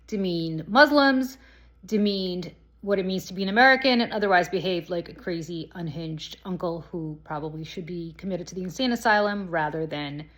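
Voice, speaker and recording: A woman recording a casual vlog intro at home, brisk and indignant. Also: on the low side, poor audio.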